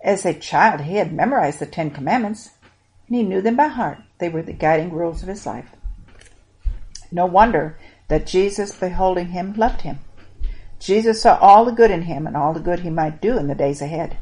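A woman narrates a Bible story for children with expressive, moralizing delivery. She turns often to speak directly to the listener. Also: lowish voice, moderate pace.

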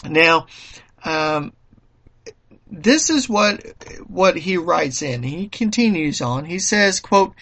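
A commentator speaks alone in a monologue, reading passages from an article and adding commentary. The delivery is slow and deliberate, and the voice sits in a middle pitch. The speaker often stops on fillers and restarts sentences. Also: lively intonation, fairly bright tone. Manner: slow and halting, with many "um"s and restarts. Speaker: political commentator.

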